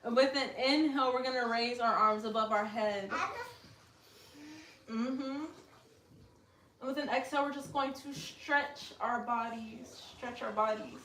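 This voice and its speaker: A woman leading a casual guided yoga class at home, giving relaxed cues with joking asides. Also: fairly high pitch, unhurried, pauses often. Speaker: yoga instructor. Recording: echoey room, mic far off, faint noise.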